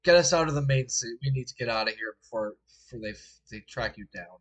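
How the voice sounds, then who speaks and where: A man's voice: medium pitch, fast talker, lightly acted. A man voicing Jack, a flustered young man, in an exaggerated mock British accent with exasperated, swearing outbursts. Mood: anxious.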